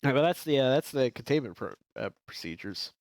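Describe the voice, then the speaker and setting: A man's voice: medium pitch, expressive, fairly quick, a little mellow, no room sound. A congested man co-hosting a podcast, chatting casually and reading documents aloud with some stumbles and restarts. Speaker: podcast co-host. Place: his apartment.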